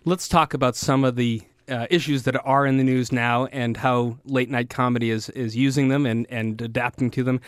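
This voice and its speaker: A male interviewer asks questions at a measured pace, now and then pausing on a filler. His voice is smooth and clear. The recording is dry and close, with no room echo. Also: medium pitch, steady tone. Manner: measured, with some hesitant fillers. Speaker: interviewer, host.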